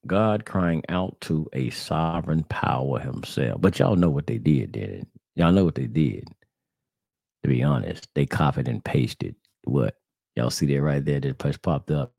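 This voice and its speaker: A man with a rumbling low, darkish voice and vocal fry hosts a religious podcast, preaching to his online audience with rhetorical, repetitive questions and addressing them as "brothers and sisters." The recording is dry and studio quality, made on a screen-sharing computer setup.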